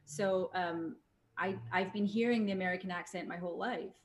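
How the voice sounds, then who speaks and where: A woman's voice: fairly low pitch, steady tone, moderate pace, slight background noise. A Scottish woman, a veteran voice actor, chatting as a guest in an interview, swearing casually and talking with plenty of fillers. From Scotland. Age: middle-aged.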